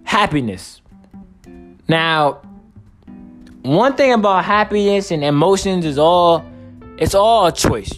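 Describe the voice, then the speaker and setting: A young man talks into his own podcast in a loose, rambling monologue, swearing freely and sounding worn out. His pitch swings widely as he gets worked up. Faint guitar music sits underneath his voice. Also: slow, long pauses. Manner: profane, rambling, animated. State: tired. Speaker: podcast host. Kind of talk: casual solo podcast monologue.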